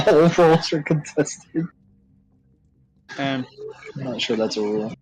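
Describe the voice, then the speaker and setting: A man's voice: a little high, sing-song, takes it slowly, slightly rough, soft background music, poor audio. A man running a tabletop game, easygoing and a little hesitant, calling for rolls. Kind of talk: casual tabletop game chat.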